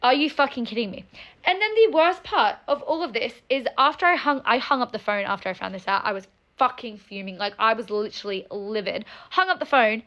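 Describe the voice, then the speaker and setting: A woman's voice: fairly high pitch, lively intonation, fairly quick, a bit bright. A young woman telling a story-time vlog in a heated way, swearing often and filling her talk with likes and ums. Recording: dull lo-fi audio.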